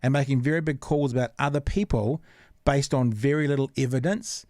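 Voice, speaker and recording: A man's voice: medium pitch, fairly even intonation, a little fast, a little mellow, no room sound, studio quality. A man hosting a podcast in casual chat, earnest and reasoning things through with fillers and repeats. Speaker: podcast host.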